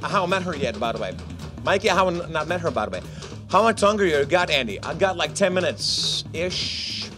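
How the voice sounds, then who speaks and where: A man presents a live casino game with music behind him, keeping up a lively, playful chat with viewers and cracking jokes between rounds. His fairly high voice swings widely in pitch, and he talks briskly.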